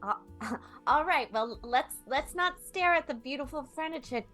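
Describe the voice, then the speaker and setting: Woman player in a tabletop game, kinda high voice, polite and chatty, soft music under it. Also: lively intonation, measured pace. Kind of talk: casual tabletop play.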